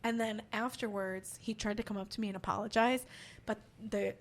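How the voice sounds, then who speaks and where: A woman stand-up comedian from Chicago chatting on a podcast, telling animated stories, swearing freely and acting out what people said. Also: medium pitch, brisk. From Chicago, USA. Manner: animated storyteller, swears freely, acts out quotes. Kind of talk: casual podcast chat.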